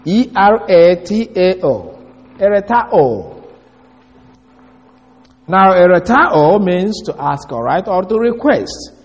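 A man giving an expository Bible teaching, reading verses slowly and spelling out Greek words letter by letter. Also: high-pitched, sing-song, highs cut off. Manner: slow, emphatic reading of scripture. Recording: long hall reverb.

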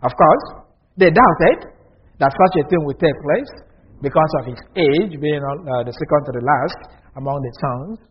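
Man, scripture lecture, explanatory, spells words out, husky, muffled recording. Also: on the high side, lively intonation, unhurried. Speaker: Bible teacher.

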